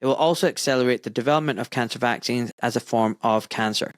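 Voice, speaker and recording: A man's voice: medium pitch, quick pace, no echo. A man hosting a podcast, talking emphatically and with indignation, often mimicking people. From United Kingdom. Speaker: podcast host. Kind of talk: casual discussion.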